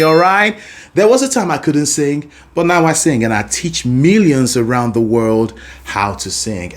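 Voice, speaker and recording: A man teaching a singing lesson as host, explaining with animated asides. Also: fairly high pitch, a little hiss or hum. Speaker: vocal coach. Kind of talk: singing lesson with sung demonstrations.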